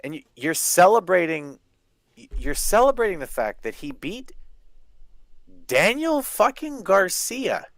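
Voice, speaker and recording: Male podcast co-host, animated and exasperated, swears constantly, dead-dry close mic sound. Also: a little high, normal speed, creaky, no room sound. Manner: exasperated ranting, swears a lot. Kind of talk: casual crude chat.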